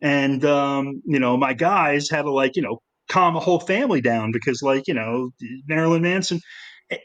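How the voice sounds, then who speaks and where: A middle-aged man telling rambling, animated anecdotes as a guest in a casual interview, full of fillers and restarts. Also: a little high, moderate pace, highs cut off. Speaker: guest filmmaker.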